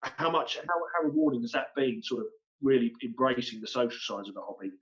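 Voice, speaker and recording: A male interviewer asks long, halting questions, stumbling and restarting several times before reaching his point. His voice sounds set back from the microphone, with dull, muffled audio. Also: mid-range voice, distant mic. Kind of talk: live online interview.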